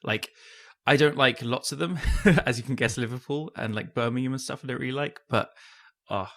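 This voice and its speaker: A man with a London accent chats on a podcast, with a gravelly, creaky edge to his voice. He is chatty and quick to tease and laugh. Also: medium pitch, a bit bright. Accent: London English. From London, England. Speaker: podcast co-host. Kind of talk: casual chat.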